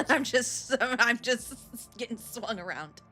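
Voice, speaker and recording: A woman's voice: a little high, expressive, takes it slowly, bright, forceful tone. Giggly lady playing a tabletop game, casual, faint music behind. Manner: giggly, playful. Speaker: player.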